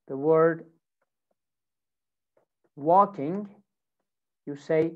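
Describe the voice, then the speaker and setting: A woman with a teaching pronunciation in a live online lesson, speaking slowly and repeating each example. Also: sits low, highs cut off. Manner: slow, deliberate, repeats examples.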